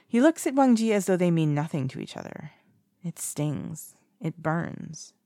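Steady audiobook narrator, gravelly texture, dry sound. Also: mid-range voice, unhurried, no echo.

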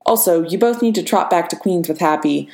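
A woman's voice: on the low side, brisk, creaky, mellow. A woman voicing a brash middle-aged male inventor who talks sarcastically and dismissively. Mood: sarcastic. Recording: echoey room.

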